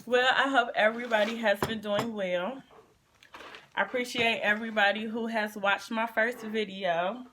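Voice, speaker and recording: A vlogger with a slightly high voice chats casually in a pregnancy update and eating vlog, her nose stuffy and running. She's chatty and expressive, with drawn-out repetitions, and a little hiss or hum sits under the audio.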